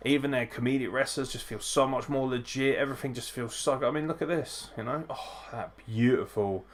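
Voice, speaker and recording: A man's voice: mid-range voice, brisk. Tipsy, swearing man hosting a watchalong. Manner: profane, chatty, frequent swearing. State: tipsy from drinking. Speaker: wrestling podcast host. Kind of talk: live watchalong commentary.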